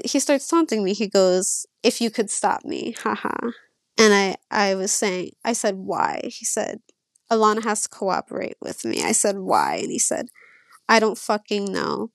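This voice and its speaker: A young woman recounting a personal story, her voice gravelly with fry. She reads text messages aloud in a loose, halting way full of fillers, and the recording is dry and close. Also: mid-range voice, sing-song, dry recording. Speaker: guest sharing her story.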